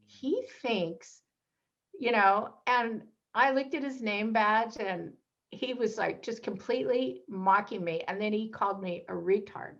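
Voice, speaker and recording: A woman's voice: medium pitch, moderate pace. A woman speaks as a guest on an interview show, with a mid-range voice. She tells her stories with energy and acts out the voices of the people in them. The audio is dull and a little lo-fi. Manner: animated storyteller, acts out quoted voices. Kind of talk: casual interview storytelling.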